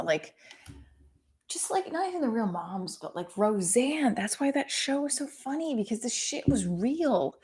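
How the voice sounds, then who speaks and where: A woman comedian chatting loosely on her live stream, wandering from thought to thought. She swears freely and is quick to make fun of herself. Her voice sits at an everyday pitch. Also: slightly rough. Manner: rambling, profane, self-deprecating. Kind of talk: casual live-stream chat.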